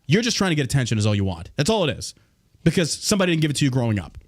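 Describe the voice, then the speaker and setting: A man's voice: mid-range voice, sing-song, racing. Profane, heated podcast host, a man. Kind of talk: casual podcast rant.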